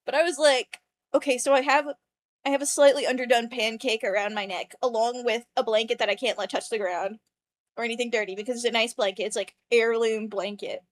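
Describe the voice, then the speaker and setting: High-voiced woman telling a dream story. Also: a little fast, a little hiss or hum. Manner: animated storyteller acting out quoted voices. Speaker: podcast co-host. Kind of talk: casual chat, telling a dream.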